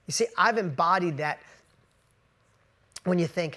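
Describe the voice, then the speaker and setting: A man's voice: a little high, a little fast, pauses often, sharp tone. A man giving an emphatic motivational talk to a live online audience, often repeating and restarting his words. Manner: emphatic, repetitive, self-interrupting. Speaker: motivational coach.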